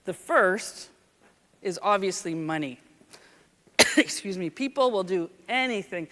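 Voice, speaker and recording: Lively woman giving a keynote. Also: mid-range voice, a little slow, long pauses. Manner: animated, conversational, lively storytelling. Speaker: keynote speaker, former police officer. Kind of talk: conference keynote storytelling. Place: large conference hall stage. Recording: reverberant large hall.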